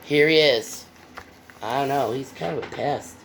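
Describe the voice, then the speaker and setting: A woman's voice: rumbling low, a little slow, slight background noise. A woman reading a picture book aloud with playful, chatty asides to young listeners. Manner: playful, expressive.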